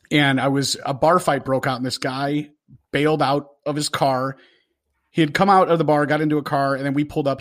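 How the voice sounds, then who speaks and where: A man in his forties telling a casual story about police dog work, acting out the quotes loudly. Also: medium pitch. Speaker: podcast host, former police K9 handler.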